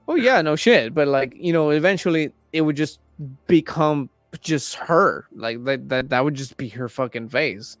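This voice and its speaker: A young man in casual chat, rambling and swearing a lot while retelling a story with animated energy. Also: a little high, normal speed, no echo, faint music behind. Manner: acts out quoted characters in raised voices. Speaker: podcast host.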